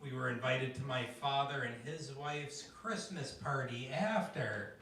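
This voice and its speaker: A man doing stand-up at an open mic, telling stories in an animated way and jumping into high voices for the people he quotes. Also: unhurried, a little hiss or hum. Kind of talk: stand-up storytelling. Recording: echoey room, from a distance.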